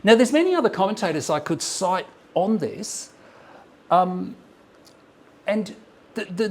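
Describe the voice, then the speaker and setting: A man's voice: high voice, slight background noise. A man presenting an academic paper in a lecture room, explaining his points thoughtfully with frequent ums and restarts. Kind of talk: academic conference talk. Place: lecture room with slides on a screen.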